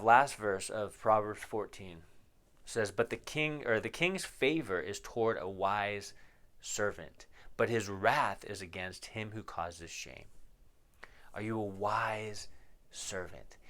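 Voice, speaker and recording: Taking a Bible passage one verse at a time, a pastor with a slightly bright voice on the low side reads each verse out loud and explains it. He throws rhetorical questions to his listeners as he goes.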